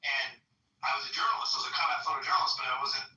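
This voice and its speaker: A male podcast host telling quick, chatty anecdotes in casual talk. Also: mid-range voice, steady tone, bright, forceful tone, echoey room, distant mic, slight background noise, poor audio. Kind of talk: casual storytelling chat.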